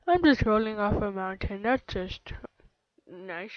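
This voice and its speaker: A woman giving excitable, playful live gameplay commentary, sometimes slipping into baby talk, close to her microphone. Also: medium pitch, unhurried, no echo. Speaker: let's play gamer. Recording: dull lo-fi home mic.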